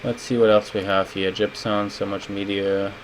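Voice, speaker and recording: A lower-pitched man in his thirties talks through a live game stream at a desk mic, rambling casually and answering viewer comments as they come in. A faint air-conditioning hum sits behind his voice. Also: little pitch movement, normal speed, poor audio. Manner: chatty, rambling, reads viewer comments aloud. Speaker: level designer streaming a retrospective.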